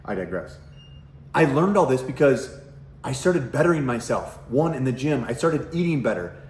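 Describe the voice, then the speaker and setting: At home with the kitchen nearby, this middle-aged parenting coach talks to camera in a blunt, casual style, swearing often and posing rhetorical questions. His mid-range voice has lively intonation at a normal speed, and the sound is roomy.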